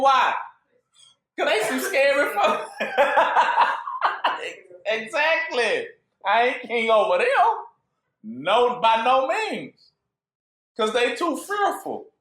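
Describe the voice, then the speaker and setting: Man, informal preacher, call-and-response delivery, animated, echoey room. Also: very high-pitched, takes it slowly, pauses often. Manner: call-and-response questions, joking, laughing. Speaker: bible teacher. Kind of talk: informal sermon.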